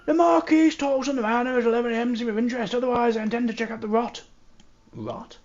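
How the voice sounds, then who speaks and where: A man voicing a solemn, formal middle-aged priest who speaks in measured, pious phrases, raising his voice above his own. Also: extremely high pitch, fairly even intonation, a little mellow, muffled recording, pitched above the performer's own voice.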